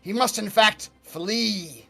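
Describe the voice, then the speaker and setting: A man's voice: high voice, takes it slowly, gravelly, sharp tone, soft background music, voice pushed up, exaggerated voice. A man voicing his male adventurer character, who writes in a book and speaks in grand storybook narration with a slightly put-on accent. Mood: solemn.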